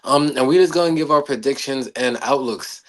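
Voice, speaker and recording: A man hosting a casual podcast chat, speaking in a relaxed, loose way with many "um" fillers. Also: mid-range voice, fairly quick. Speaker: podcast host.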